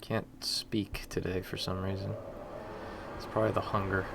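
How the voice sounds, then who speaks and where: A man's voice: low voice, little pitch movement, moderate pace, gravelly, background noise. A man, an indie game developer, chatting casually and self-deprecatingly while working on a live stream, laughing often.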